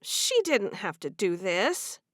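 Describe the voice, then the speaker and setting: A woman's voice: mid-range voice, big pitch swings, slow pace, fairly bright tone, dry recording, studio quality, full character voice. A woman voicing a sleepy, easygoing young Amish woman who teases her husband. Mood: cheerful.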